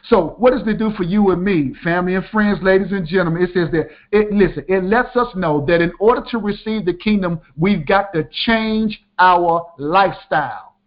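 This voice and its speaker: High-voiced male preacher, emphatic sermon delivery, slightly muffled lo-fi recording. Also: moderate pace, few pauses. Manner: emphatic, repeats key lines for the listeners. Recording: dull lo-fi sound.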